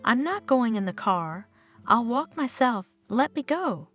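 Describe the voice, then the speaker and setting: A woman's voice: on the high side, sing-song, unhurried. A woman voicing a stubborn, whiny little boy in a narrated story, over faint background music. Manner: whiny, insistent.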